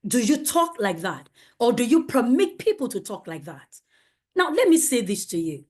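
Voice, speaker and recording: Lady running a teacher training online, high voice, really animated, keeps asking the room questions. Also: moderate pace. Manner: emphatic, rhetorical questions, animated. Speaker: safeguarding trainer.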